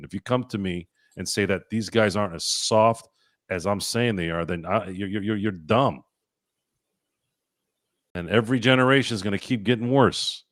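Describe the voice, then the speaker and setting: A man with a fairly low voice co-hosts a casual sports podcast, recorded at studio quality with no echo. He rants bluntly, voices strong opinions and swears casually.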